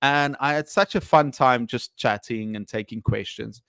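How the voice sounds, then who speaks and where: Male English teacher chatting on a live stream; hesitant, lots of fillers, smooth tone. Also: medium pitch, normal speed, fairly bright tone, no room sound, studio quality. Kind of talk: casual live stream chat.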